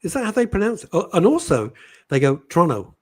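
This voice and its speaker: A middle-aged Englishman speaks in a high, fast voice as a talk show host. He tells stories in casual chat, animatedly mimicking the voices of the people he quotes.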